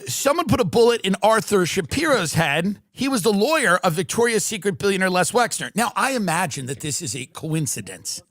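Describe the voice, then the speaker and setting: Animated, sarcastic male livestream host. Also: sits high, fairly quick, few pauses, no echo, studio quality. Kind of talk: comedic livestream rant.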